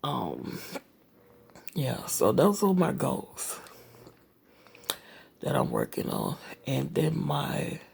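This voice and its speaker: Slow, husky, gravelly-voiced woman in her forties. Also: extremely low pitch, wildly swooping pitch, a little mellow. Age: 40s. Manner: slow, rambling talk with many fillers and whispered asides. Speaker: vlogger. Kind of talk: casual personal vlog.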